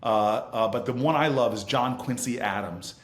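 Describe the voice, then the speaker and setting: Male senator guest, mid-pitched, lively storyteller; roomy echoing recording. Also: normal speed. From United States. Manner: lively, laughing, vivid scene-setting. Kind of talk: animated anecdotal storytelling.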